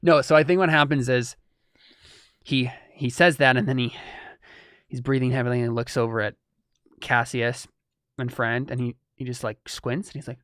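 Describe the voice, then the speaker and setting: A man's voice: mid-range voice, fairly even intonation, moderate pace, long pauses, a bit bright, smooth, dry recording, clean studio sound. A young man narrating as game master in a rambling way with many restarts. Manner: rambling, full of fillers and restarts.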